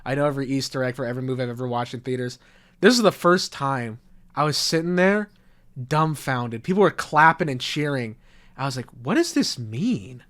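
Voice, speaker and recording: A man's voice: mid-range voice, fairly quick, smooth. A young man co-hosting a podcast, telling stories animatedly, swearing and acting out what people said. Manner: animated storyteller, swears, acts out quotes. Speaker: podcast co-host. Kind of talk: casual podcast chat.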